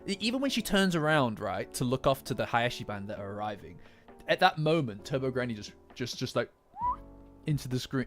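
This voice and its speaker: A man hosts a casual chat about an anime episode, his voice swinging up and down with lively energy. He gets excitable, laughs a lot and stumbles over repeated words. Faint background music plays under his talk. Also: medium pitch, normal speed, long pauses. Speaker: anime reaction host.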